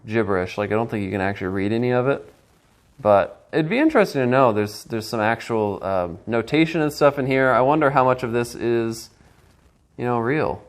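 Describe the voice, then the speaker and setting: A man reviewing a board game in a casual first-person video, musing aloud with playful asides. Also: medium pitch.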